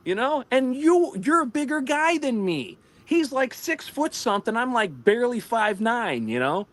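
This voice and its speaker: A man's voice: very high voice, sing-song, moderate pace, few pauses, fairly bright tone. A man with an American accent telling rambling stories in a casual livestream chat, laughing often. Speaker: livestream co-host.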